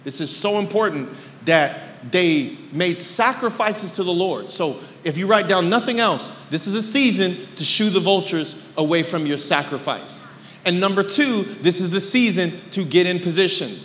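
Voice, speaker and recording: A man preaching a sermon to his church, shouting points and breaking into joking asides. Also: high-pitched, expressive, normal speed. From California. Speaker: pastor. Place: large church sanctuary. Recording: reverberant church hall.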